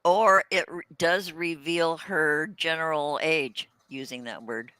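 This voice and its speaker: An older man hosting a casual livestream chat, dropping dry, drawn-out quips. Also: fairly high pitch, fairly even intonation, sharp tone, smooth, no room sound. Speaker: host.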